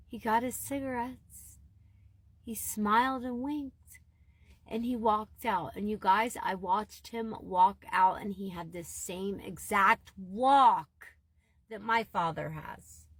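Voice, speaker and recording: A woman's voice: on the high side, takes it slowly, husky, no room sound. A woman casually telling an emotional, rambling story to her viewers, often saying "you guys". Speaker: TikTok storyteller. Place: Southwest Florida.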